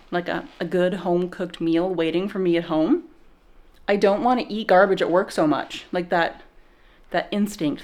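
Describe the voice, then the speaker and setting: A young woman talking straight to her camera in a chatty vlog, rambling from one thought to the next. She is a little out of breath after exercise and laughs easily as she goes. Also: on the low side. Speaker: vlogger.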